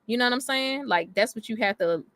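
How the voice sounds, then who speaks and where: Lady cohost, kinda high voice, blunt jokey banter, swears a lot. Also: expressive, fairly quick, fairly bright tone. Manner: blunt, joking, profane banter. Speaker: podcast co-host. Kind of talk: casual livestream chat.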